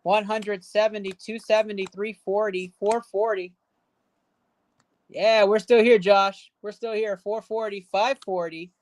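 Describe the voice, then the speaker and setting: A woman with a mid-pitched voice runs a casual live stream from an indoor setup, counting up card values out loud in quick running tallies. She cheers and banters with the viewers in chat between counts. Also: fairly even intonation. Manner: rattles off running card value totals aloud. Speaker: livestream host opening card packs.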